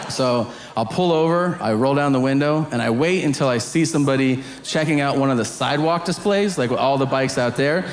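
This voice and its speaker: A man doing stand-up comedy, telling a story and acting out the squeaky voices of the people in it. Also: moderate pace. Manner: animated, acts out squeaky voices of other people. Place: comedy stage before a live audience. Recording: echoey stage with audience noise.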